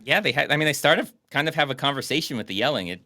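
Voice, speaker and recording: A young man riffs on a terrible film with mocking sarcasm. His pitch bounces all over, his tone is bright, and the room sound is dry and close. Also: lively intonation, very fast, dry recording. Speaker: co-host reviewing a bad movie. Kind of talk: casual comedic commentary.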